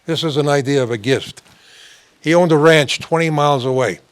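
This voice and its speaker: A New host tells long, looping stories and laughs along as he goes. His voice sits a touch high for a man, and he keeps circling back and restarting his sentences. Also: fairly quick, clear, resonant tone. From New York. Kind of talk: talk-show anecdote storytelling.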